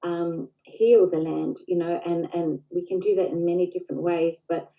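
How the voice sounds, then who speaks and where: A woman leading a group in a slow, gentle healing prayer, pausing often with fillers. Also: fairly low pitch, steady tone, gravelly, highs cut off. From Australia. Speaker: spiritual group leader.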